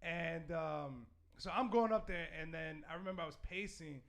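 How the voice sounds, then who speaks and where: Brief: comedian guest, male, high and bright, lively casual storyteller. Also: normal speed, gravelly. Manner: animated, laughing storyteller.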